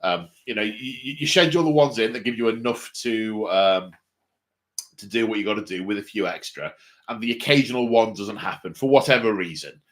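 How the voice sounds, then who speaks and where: A man's voice: fairly low pitch, brisk. A man hosting a casual hobby livestream, rambling and self-mocking with lots of fillers. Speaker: hobby channel host.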